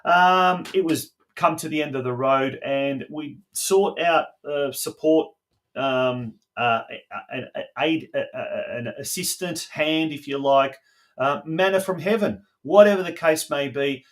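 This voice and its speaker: A man's voice: a little high, fairly bright tone. Rambling man hosting a podcast. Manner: rambling, halting with many fillers and restarts. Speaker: podcast host.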